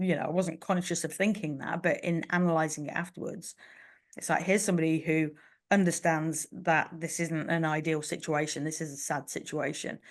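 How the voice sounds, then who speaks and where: A woman co-hosting a casual podcast, her voice sitting a little low. She talks earnestly and reflectively, circling her thoughts with plenty of "you know" fillers. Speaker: podcast co-host.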